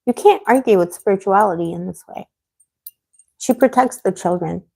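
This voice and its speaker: A woman with a mid-range, creaky voice and a darkish tone talks at a normal speed while hosting a tarot livestream. Chatting casually with viewers and answering them, she rambles and gets heated while venting.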